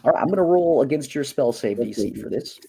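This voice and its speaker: Fast-talking man running the game. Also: medium pitch, expressive, vocal fry, dark tone, slight background noise. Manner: easygoing, encouraging. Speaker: game master.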